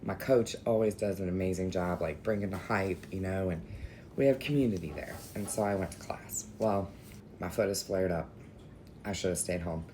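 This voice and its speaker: A woman's voice: rumbling low, a little mellow, a little hiss or hum. A young adult woman telling a story in a casual vlog, candid and emotional, venting with some swearing. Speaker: vlogger.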